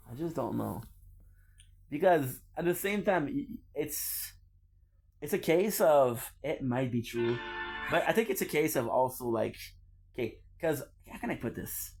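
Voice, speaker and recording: A man's voice: medium pitch, a little mellow. A young adult man chatting casually on a gaming stream, rambling and playful, laughing often.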